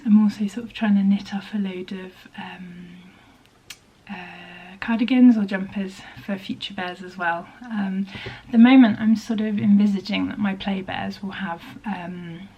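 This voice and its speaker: A woman chatting casually in a home vlog about her sewing, speaking softly and often half-whispering, with many hesitant ums. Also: mid-range voice, fairly even intonation, unhurried, husky, lo-fi sound. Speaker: vlogger and maker of teddy bears. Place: home workspace at a sewing desk.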